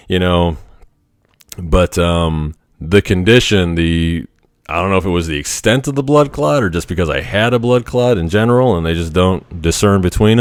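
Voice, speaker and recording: A man hosting a podcast, telling a personal story in a frank, animated way with the odd curse. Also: low voice, clean tone, dry recording, clean studio sound. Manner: frank, animated, occasionally profane. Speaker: podcast host. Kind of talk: casual storytelling monologue.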